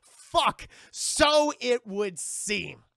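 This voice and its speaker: A man's voice: very high voice, big pitch swings, very slow, gravelly, bright, forceful tone, voice pushed up, heavily acted. A man voicing a haughty, sneering male naval commodore.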